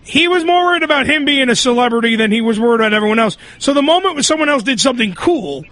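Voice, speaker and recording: A man's voice: extremely high pitch, lively intonation, fast, pushed and bright. A man hosting a crude comedy talk show, telling stories in a rambling, raunchy way. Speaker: radio show host.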